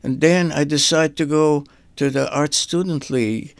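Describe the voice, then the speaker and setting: Older man with a gravelly, flat voice. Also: on the high side, no room sound. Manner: halting, repeats words while searching for them. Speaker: artist guest. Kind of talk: rambling personal reminiscence.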